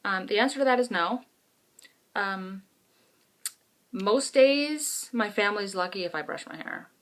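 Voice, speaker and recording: A woman's voice: mid-range voice, measured pace. A woman, co-hosting a podcast in frank, self-mocking casual chat. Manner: chatty, animated storyteller, frank and self-mocking. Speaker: podcast co-host.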